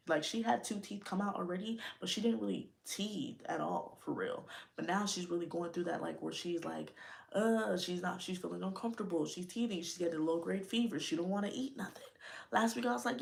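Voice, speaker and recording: Young woman, podcast host, low gravelly voice, frank slangy chat. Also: a little fast. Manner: candid, slangy, talks straight to listeners. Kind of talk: casual personal talk.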